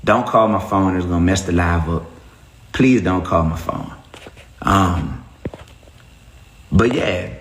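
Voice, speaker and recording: A man hosting a casual livestream, speaking in an animated, preachy way and greeting viewers by name as he goes. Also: sits low, slow pace, long pauses, reverberant. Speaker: livestream host.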